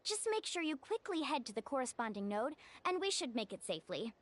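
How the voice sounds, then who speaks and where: A woman's voice: high voice, big pitch swings, fairly quick. A young woman voicing a confident, upbeat guide in game dialogue, cheerful and reassuring, who calls out commands to her companions.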